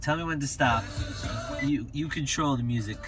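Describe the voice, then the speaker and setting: With music playing in the background, a man in a parked car streams casually from his phone, joking with viewers, rambling, and singing fragments of songs. He speaks at a moderate pace in a medium-pitched voice.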